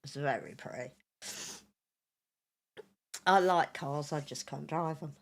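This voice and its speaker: A woman's voice: low-pitched, takes it slowly, gravelly. A woman co-hosting a casual podcast, easygoing and chatty. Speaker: podcast co-host. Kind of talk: casual chat.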